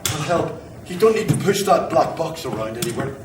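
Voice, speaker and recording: A take-charge fire chief, voiced by a man talks someone up gently and steadily. His pitch is a touch raised, and he sounds set back from the mic. Room echo and background noise fill the recording. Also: lively intonation, moderate pace, lightly acted. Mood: coaxing. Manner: coaxing, reassuring. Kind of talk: amateur audio drama. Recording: roomy, distant mic, noisy background.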